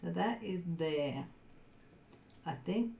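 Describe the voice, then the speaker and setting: A woman's voice: on the low side, lively intonation, slow, creaky, mellow. A woman chatting casually to viewers during a crafting livestream, muttering to herself as she works. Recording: echoey room, faint background noise.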